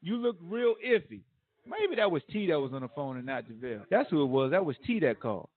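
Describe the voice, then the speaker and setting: A man with a high voice hosts a sports podcast and rants in casual slang. He pokes fun at whoever he is talking about. The sound is thin and narrow, like a phone line. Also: fast talker. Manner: animated, trash-talking rant with slang. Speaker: podcast host.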